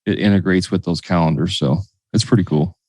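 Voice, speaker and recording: A man's voice: low voice, fairly quick, a little mellow, dry recording. A man hosting a business podcast, chatting casually, telling anecdotes and joking dryly. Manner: dry, joking, tells stories. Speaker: podcast host.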